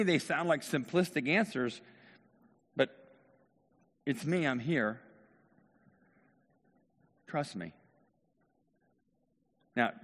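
A man's voice: a little high, fairly bright tone. Man preaching in a reverberant hall. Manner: conversational, talks directly to the congregation. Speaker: pastor. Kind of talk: sermon.

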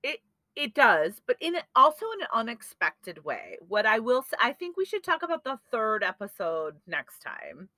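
Co-host, woman, 40s, lively storyteller who swears freely; high, bright voice with close, dry sound. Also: normal speed, no room sound. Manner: animated, profane storytelling with acted-out quotes. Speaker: podcast co-host. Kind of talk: casual chat.

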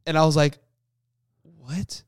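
Smooth-voiced young man telling a story. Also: on the high side, a little fast, dry recording, studio quality. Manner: rambling storyteller with many restarts. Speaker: podcast co-host. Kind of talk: casual faith chat.

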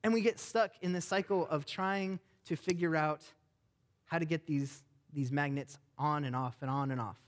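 A young adult man, a pastor, preaching a sermon with animated, emphatic delivery. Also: a little high, normal speed.

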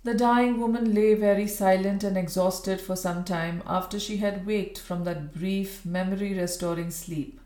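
A woman reading a novel aloud in steady, measured storybook narration. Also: medium pitch. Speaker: audiobook reader. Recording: roomy echo.

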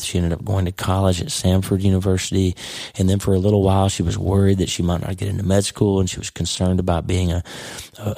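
A middle-aged man hosts his podcast with a hoarse, worn-out voice that crackles with gravel. He talks earnestly and rambles, often restarting his sentences. His tone is low and dark, and the recording is dry and close. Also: no echo. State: hoarse, lost voice. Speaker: podcast host. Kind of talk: casual podcast monologue.

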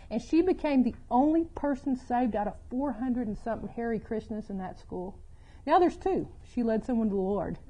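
A woman preaching a sermon, telling a story in a storytelling way that rises to loud excited bursts. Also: sits high, poor audio.

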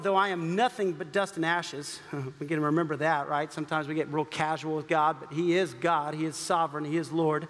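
Man preaching a sermon, high voice, conversational asides, long reverb. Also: fairly even intonation, brisk, a bit bright. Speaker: pastor.

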